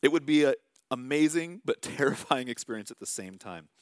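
A man's voice: mid-range voice, lively intonation, brisk, dry recording. A man in his thirties preaching a sermon as pastor, in a conversational, self-amused way with small acted asides.

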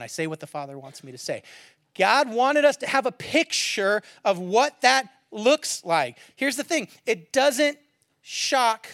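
High-voiced animated pastor preaching. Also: male voice, dry recording, clean studio sound. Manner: animated storytelling, swings from loud to quiet. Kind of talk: sermon.

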